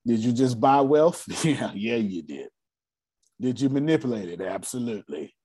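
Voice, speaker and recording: A man coaching a live audience on business cash flow, animated and repetitive. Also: medium pitch, normal speed, no echo. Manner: animated, repetitive, drops into playful put-on voices. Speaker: finance coach. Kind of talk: live online business teaching.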